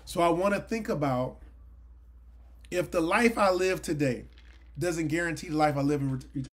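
A man's voice: fairly high pitch, moderate pace. A man in his late forties giving a Bible study lesson, talking earnestly and conversationally with sudden emphatic bursts. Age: 40s. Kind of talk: sermon-style Bible teaching. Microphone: livestream mic.

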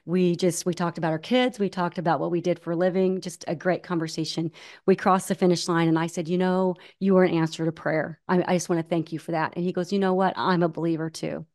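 A woman in her forties tells a personal story as an interview guest. Her voice sits slightly low, and she talks in an animated way with frequent restarts. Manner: animated, many restarts, acts out quoted voices. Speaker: guest, ultramarathon runner.

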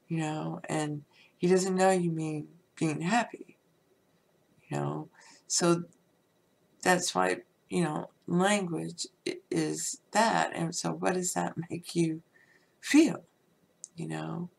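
A woman hosting a podcast, teaching in a casual, rambling way with many "you know" fillers, sometimes dropping to a soft near-whisper. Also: on the low side, steady tone, slow pace, creaky. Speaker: podcast host. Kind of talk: casual spiritual teaching talk.

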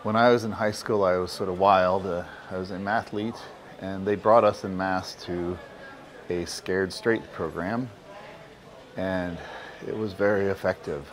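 A man playing a prison inmate in a sketch comedy monologue, low-key and deadpan. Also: natural voice.

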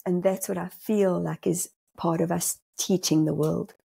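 A South African woman talks as a podcast guest, her voice gravelly and rough with breath. She sounds mellow and warm, mid-pitched, and often breaks into laughter and little acted-out voices. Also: unhurried. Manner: animated, laughs often, acts out inner voices. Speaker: spiritual medium guest. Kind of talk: podcast conversation.

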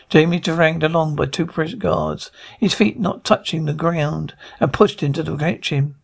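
Brief: male reader, stumbling read-through, gravelly and high. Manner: halting, stumbling reading. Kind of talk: reading a script aloud.

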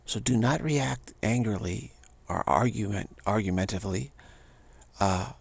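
Gravelly, husky older man teaching. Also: lowish voice, no echo. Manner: halting, with many restarts and pauses. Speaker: spiritual teacher. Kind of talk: meditative teaching talk.

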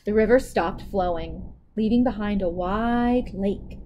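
A woman librarian reading a children's picture book aloud in a dramatic, expressive way, with asides to young listeners. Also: mid-range voice, unhurried, a little hiss or hum, poor audio.

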